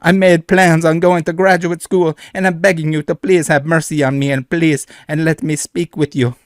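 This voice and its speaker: A grovelling adult thief begs for forgiveness in a put-on French cowboy accent, as a man reads his message aloud. The voice sits well above the reader's normal pitch and pleads without letting up. The sound is dry and close. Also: flat delivery, normal speed, no echo, natural voice. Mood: begging. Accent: mock French cowboy. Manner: pleading, desperate. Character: adult male thief begging for mercy.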